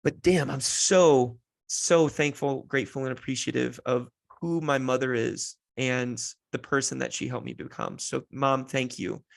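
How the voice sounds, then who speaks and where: Gravelly-voiced man telling a heartfelt story. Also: medium pitch, steady tone, a little slow, few pauses. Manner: heartfelt, rambling, many restarts and fillers. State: emotional, close to tears. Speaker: podcast host. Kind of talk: personal storytelling monologue.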